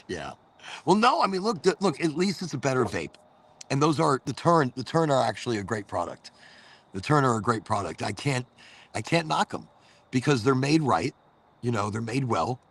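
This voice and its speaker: Swearing freely, the host of this casual chat rambles loosely through his stories. He has a medium pitch, a sing-song lilt, a slightly bright tone and an ordinary pace.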